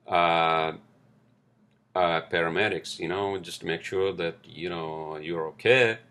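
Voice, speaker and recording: A New man with a low, deep voice talks through a casual solo podcast. He rambles, leans on fillers and "right?", and swears freely as he tells his stories. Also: fairly even intonation, slow, a bit bright. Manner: rambling, swears often, many fillers and tag questions. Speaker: podcast host.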